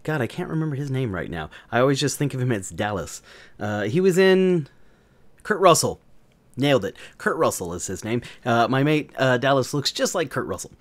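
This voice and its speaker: Casual male channel host from the South, crude, joking, mid-pitched voice. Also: animated, fairly quick. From American South. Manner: crude, joking, rambling with fillers. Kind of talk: casual storytelling.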